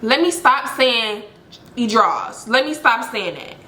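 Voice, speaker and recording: High-voiced woman storyteller, dramatic and chatty, with a bright tone. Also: slow, slight background noise. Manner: animated, dramatic retelling with lots of "like". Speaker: storytelling vlogger. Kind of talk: casual storytime. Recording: echoey room.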